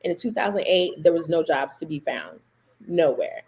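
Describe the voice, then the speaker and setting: A woman in her thirties hosting a women's church livestream, telling a personal testimony in an animated storytelling way. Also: deep voice, normal speed, vocal fry. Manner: animated storyteller, acting out remembered dialogue. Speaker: women's ministry host.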